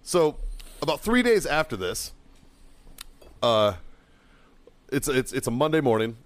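A man's voice: medium pitch, sing-song, unhurried. Profane storytelling man with frequent laughs. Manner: profane, laughs often, acts out quoted people. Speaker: podcast co-host telling a story.

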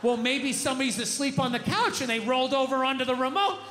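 A man in his thirties telling a stand-up story with a very high, bright and forceful voice. He swears freely and keeps breaking into shouted rants. The sound rings with a long echo from a big hall, with faint noise underneath. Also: quick pace. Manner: profane, animated, bursts into shouted rants. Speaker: stand-up comedian.

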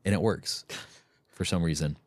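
A man hosting a podcast, loosely recapping an animated web series with chuckles. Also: low-pitched, normal speed, husky, no echo, clean studio sound. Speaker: podcast host.

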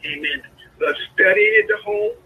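A man preaching a sermon, a pastor calling out to his congregation with sudden high swoops in his voice. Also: fairly quick, breathy edge. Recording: lo-fi radio broadcast sound.

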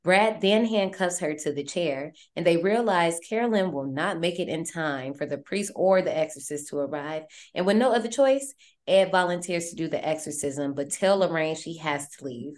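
A woman with a lowish voice hosts a podcast, retelling a horror film in loose, chatty slang. She talks animatedly and swears freely. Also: expressive, normal speed, darkish tone. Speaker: podcast host. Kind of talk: casual horror movie recap.

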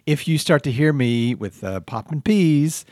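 A man hosting a comedy podcast, animated and quick to laugh in the banter. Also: a little high, no room sound, clean studio sound. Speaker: podcast host.

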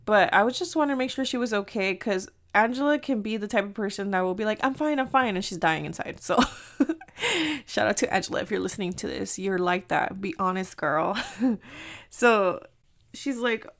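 Mexican-American woman, 30s, podcast host; chatty, animated storyteller with Spanish asides. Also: medium pitch, moderate pace. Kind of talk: casual storytelling chat.

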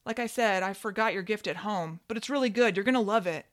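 A woman's voice: medium pitch, fast talker, pitched above the performer's own voice, close to an everyday voice. A woman doing an eager, awkward grown brother.

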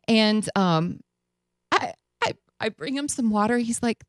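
Eine Frau, Moderatorin einer Radiosendung, die locker und lebhaft eine persönliche Geschichte erzählt und Zitate mit Lachen nachspielt. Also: female voice, on the high side, takes it slowly, no echo. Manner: animated, acts out quotes with laughs. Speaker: radio show host. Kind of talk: casual storytelling chat.

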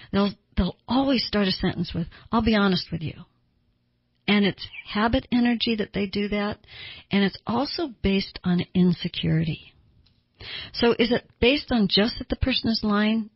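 A woman's voice: medium pitch, husky, dry recording. A middle-aged woman therapist giving a conversational teaching talk, acting out the people she quotes. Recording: dull lo-fi sound.

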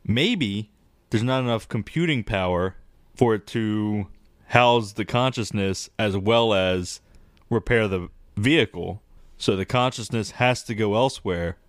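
A man in casual podcast chat, rambling and swearing as he tells an animated story about dreams. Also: fairly low pitch, a little slow, no room sound, clean studio sound. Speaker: podcast co-host.

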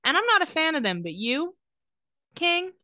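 A woman's voice: sits high, very animated, normal speed, sharp tone, voice pushed up, exaggerated voice. A woman voicing a gleeful, scheming ancient male villain who gives mocking, fawning praise.

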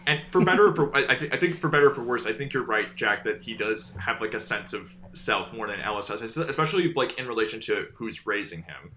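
Fast-talking bright-voiced man chatting films. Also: mid-range voice, expressive, a little hiss or hum. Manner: chatty, filler-heavy, enthusiastic. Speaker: podcast host. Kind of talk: casual film discussion.

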